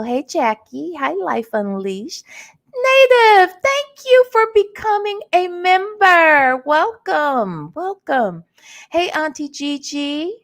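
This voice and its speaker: A tired, low-energy woman hosting a casual livestream and greeting her chat one by one. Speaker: livestream host.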